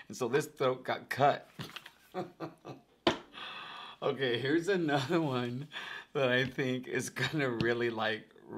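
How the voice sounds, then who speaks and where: A man in a casual vlog, speaking slowly and warmly animated. He laughs often and addresses his viewers directly as "guys". A faint background hiss sits under the recording. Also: medium pitch. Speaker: tarot video host.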